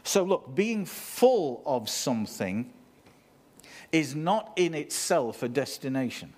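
This preacher's voice sits a little high, and he takes his time, keeping the sermon conversational and lively while making asides to the congregation.

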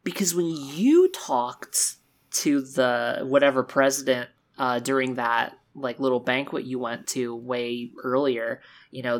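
A woman co-hosting a casual discussion about a video game's story, talking in an animated way with quick asides. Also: a bass voice. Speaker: podcast co-host.

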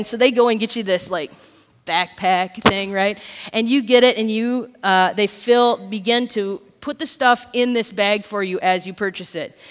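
Pastor, sermon; smooth, resonant voice, lively self-mocking storyteller, long church-hall reverb. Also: mid-range voice, moderate pace. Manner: lively, self-mocking storyteller who keeps asking the crowd "right?". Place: church sanctuary.

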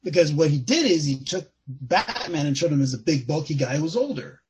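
A man talking as a podcast guest in casual chat, rambling and animated, often laughing and restarting his sentences. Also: a little high, a little fast, a little hiss or hum, poor audio.

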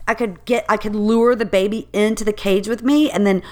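A woman's voice: mid-range voice, steady tone, fairly quick, a little mellow. Playful, rambling woman chatting. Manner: playful, rambling, laughs often. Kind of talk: casual chat.

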